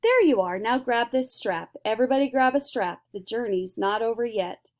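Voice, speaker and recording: A woman voicing an eccentric, gleeful male candy maker with an exuberant, brisk manner. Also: on the high side, animated, close to an everyday voice. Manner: exuberant, brisk, cheerfully reckless.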